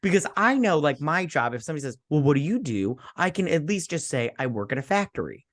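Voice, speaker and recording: A tipsy man co-hosting a casual movie review, rambling and animated as he tells stories. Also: fairly high pitch, fast. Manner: rambling, animated storyteller with many restarts. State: tipsy from drinking. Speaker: podcast co-host.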